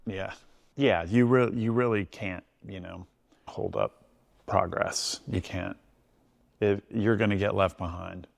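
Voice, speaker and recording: A man's voice: sits low, fairly even intonation, takes it slowly, creaky. A middle-aged man, a tattoo artist and shop owner, talking loosely and casually in a podcast conversation, full of "you know". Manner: laid-back, loose storytelling with frequent "you know".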